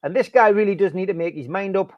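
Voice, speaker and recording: A man's voice: sits high, fast, no room sound, dull audio. A man hosting a fan podcast, chatty and cheeky as he reads out jokes. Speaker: podcast host. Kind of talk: casual chat reading out jokes.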